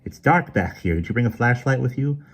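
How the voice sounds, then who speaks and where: A man's voice: mid-range voice, expressive, fairly quick, slightly rough, pitched above the performer's own voice. A man doing an anxious old woman. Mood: grumbling. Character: elderly woman, nervous and practical sister.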